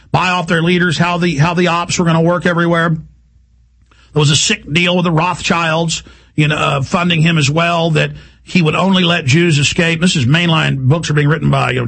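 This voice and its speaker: A man hosting a radio show, delivering a fast, heated, rambling monologue in a gravelly, husky voice. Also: fairly high pitch, fairly bright tone. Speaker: talk radio host.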